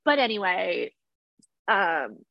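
A young woman chats through a TV recap in a loose, giggly way, filling her sentences with "like." Her voice sits at a middle pitch and sounds close and dry, with no room around it. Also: big pitch swings, takes it slowly, vocal fry, no room sound, lo-fi sound. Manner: chatty, laughs often, fillers like "like". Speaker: podcast co-host recapping a TV episode. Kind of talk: casual chat.

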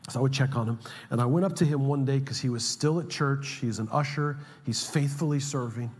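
A man preaching a sermon as pastor, animated and emphatic, telling humorous stories to make a point. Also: mid-range voice, a little fast, husky. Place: church sanctuary. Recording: long hall reverb, faint music.

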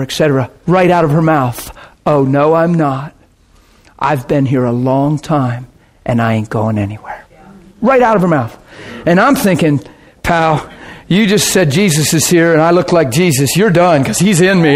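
A man preaching, telling a lively testimony story with laughter and a short sung passage. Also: high-pitched. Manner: animated storytelling, bursts of laughter, sings a hymn line. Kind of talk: testimony sermon.

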